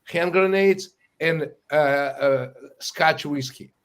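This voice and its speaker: A man speaking as a panel podcast guest, halting with many repeated words and fillers, sounding incredulous. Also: fairly high pitch, clean tone. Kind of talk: casual panel discussion.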